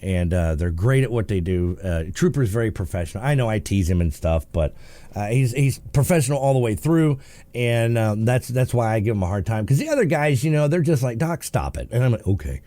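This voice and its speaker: Joking radio host with a lively voice. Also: male voice, medium pitch, brisk, dry recording. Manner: joking, teasing, acts out little scenes in put-on voices. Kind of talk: casual morning radio talk. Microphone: studio microphone.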